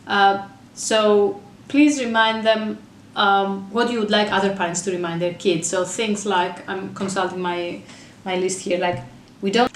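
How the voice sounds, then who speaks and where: A woman films herself giving parenting advice, her talk earnest and chatty, full of quick asides and restarts. She sits some distance from the camera's own mic, so her voice comes across slightly far away. The room adds a noticeable echo, with faint noise beneath her voice. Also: medium pitch, flat delivery. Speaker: parenting vlogger and mother.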